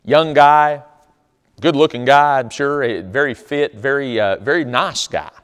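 A man's voice: medium pitch, measured pace, clean tone. A man preaching a sermon, telling stories in an emphatic, conversational way. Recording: long hall reverb.

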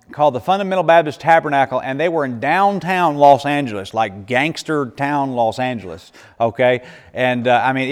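A man, a missionary preacher, telling stories casually to a congregation, animated and laughing often with many restarts. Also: on the high side, long reverb tail.

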